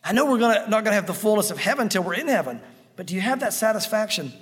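A man's voice: sits high, expressive, racing, fairly bright tone, big-room sound. A man preaching a sermon in a conversational, emphatic style, repeating key phrases for effect. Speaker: pastor.

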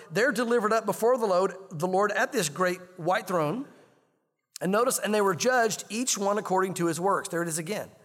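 High-voiced preaching man in a hall. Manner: earnest, conversational preaching with repetitions. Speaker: pastor. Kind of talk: sermon.

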